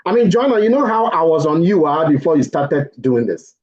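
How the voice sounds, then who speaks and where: A man's voice: a little high, fairly quick, dull audio. A man leading a training session, coaching the group and repeating motivational sayings over a video call. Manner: animated, preachy, repeats maxims. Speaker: program leader.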